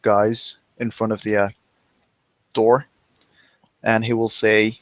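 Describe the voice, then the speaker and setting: A man's voice: fairly low pitch, level tone, slow pace, long pauses, no echo. A man playing a tabletop role-playing game, hesitantly describing what his character does. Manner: hesitant, many ums. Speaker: player.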